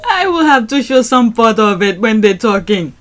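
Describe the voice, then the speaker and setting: A woman's voice: on the high side, animated, normal speed, fairly bright tone, soft background music. A woman hosting a reaction commentary, gushing and laughing often over a video. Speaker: host.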